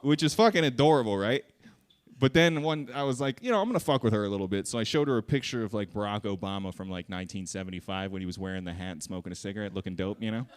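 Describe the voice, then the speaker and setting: A man's voice: fairly low pitch, fast, smooth. A man doing a stand-up comedy set on a theater stage, crude and profane, acting out little voices in his bits.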